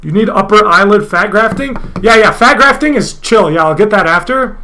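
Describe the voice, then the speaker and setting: A young man streaming live, rambling in a casual rant with plenty of swearing and sudden loud outbursts. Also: sits high, normal speed.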